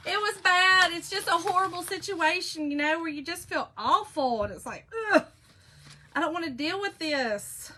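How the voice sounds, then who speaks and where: A woman's voice: very high-pitched, animated, unhurried, pauses often, sharp tone, a little hiss or hum. A woman hosting a chatty crafting live stream, rambling and laughing as she talks to her viewers while she works. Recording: clicking noises in the background.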